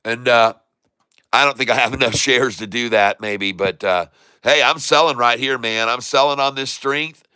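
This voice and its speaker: A man hosting a casual stock trading livestream, folksy and excitable, chatting to viewers while he trades. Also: mid-range voice, normal speed, clear, resonant tone, dry recording, studio quality. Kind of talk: casual live market commentary.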